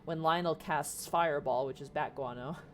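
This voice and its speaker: Woman dungeon master, low voice, loose descriptive narration, faint background noise. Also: normal speed. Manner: descriptive, with many "kind of" fillers. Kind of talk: narrating a tabletop game.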